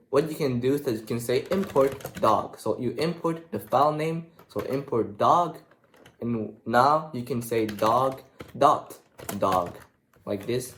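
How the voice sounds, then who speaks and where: Man reading code aloud while typing. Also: mid-range voice. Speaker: programming tutor. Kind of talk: screen-recorded coding tutorial. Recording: echoey room with faint typing noise. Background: keyboard typing.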